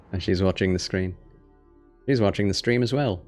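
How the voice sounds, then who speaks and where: Soft background music plays as a man with a low, slightly mellow voice streams a horror game, speaking a little slowly. He chats casually with his chat and coos at his cat, whispering and using baby talk.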